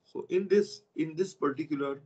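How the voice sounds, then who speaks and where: A man's voice: fairly high pitch, moderate pace, warm tone, husky, lo-fi sound. A man teaching a scripture class over a video call, explaining step by step and checking in with his students.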